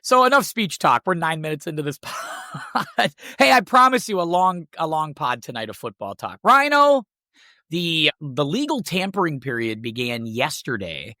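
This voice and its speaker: A man hosting a podcast, chatting casually and telling stories with lively swearing. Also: a little high, moderate pace, no room sound, studio quality. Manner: animated storytelling with profanity. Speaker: podcast host. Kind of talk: casual chat.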